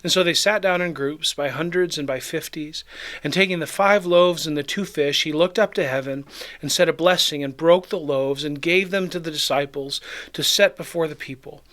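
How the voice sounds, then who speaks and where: Pastor, male, slightly higher voice, relaxed conversational devotional teaching, reads verses aloud. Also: normal speed. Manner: conversational, reads scripture then acts out the disciples.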